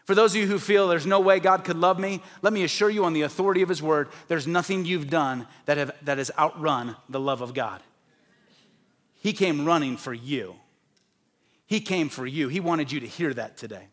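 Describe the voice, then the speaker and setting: A man preaching an evangelistic sermon, emphatic, rising to forceful peaks and dropping low, sometimes acting out the voices of doubters. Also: moderate pace.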